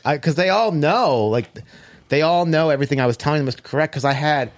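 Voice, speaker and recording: A man chatting casually on a podcast, telling an animated, profane story and acting out quoted phone calls in a flatter, lower voice. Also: brisk. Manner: animated storytelling, self-described hothead, profane. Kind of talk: casual chat.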